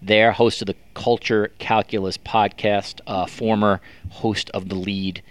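Joking male podcast host, low voice. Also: level tone, clear, resonant tone. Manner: joking, self-deprecating, halting restarts. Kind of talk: casual podcast chat.

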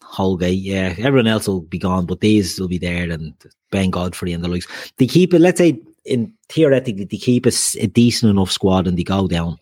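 Male podcast host, husky and low, dry close sound, casual bantering football chat. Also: expressive, brisk, darkish tone, no echo. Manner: banter, jokey asides to listeners.

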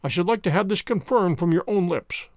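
A man voicing a cool, inexorable middle-aged detective who speaks in a measured, deliberate way. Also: sits high, darkish tone, no room sound, clean studio sound, lightly acted.

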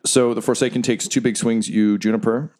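Man narrating as game master. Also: medium pitch. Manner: calm, measured narration.

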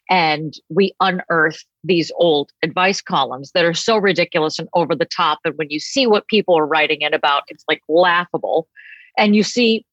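A woman from Boston with a voice that sounds lifted from the 1940s, sitting a bit low in pitch. She tells stories animatedly as a podcast guest and slips easily into little voices. The recording is dry and slightly muffled. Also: no room sound. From Boston, USA. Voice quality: old-fashioned 1940s-style voice. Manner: animated storyteller, quick to slip into voices. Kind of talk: casual interview chat.

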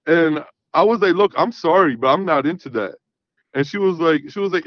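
A man's voice: a little high, animated, a little fast, dry recording, dull audio. A man in his thirties calling in, telling a long story casually and rambling with fillers. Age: 30s. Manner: rambling, repeats fillers like "you know what I mean". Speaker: caller. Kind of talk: casual storytelling on a call-in show.

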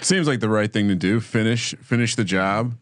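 Co-host guy, lowish voice, wry asides, dry mic. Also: normal speed, no room sound. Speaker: podcast co-host. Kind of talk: casual podcast banter.

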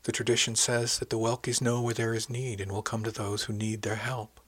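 A man voicing a frightened young village wife who speaks softly and hesitantly, with a husky voice. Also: medium pitch, little pitch movement, brisk, no echo.

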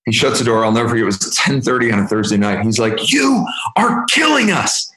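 A man in his fifties, a guest in an interview, telling candid stories about his career in an animated way. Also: lowish voice, very fast. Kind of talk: storytelling interview answer. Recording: echoey room.

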